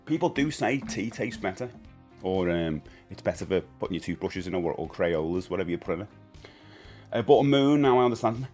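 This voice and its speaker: A man's voice: on the low side, animated, a little fast, darkish tone, faint music behind. Chatty man hosting a stream. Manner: chatty, rambling, greets viewers, stumbles and repeats. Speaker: live-stream host. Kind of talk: casual chat.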